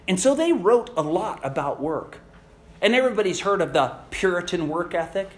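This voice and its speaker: Preacher, man, high and very expressive pitch, animated storyteller in the pulpit. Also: moderate pace. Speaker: pastor. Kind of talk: sermon.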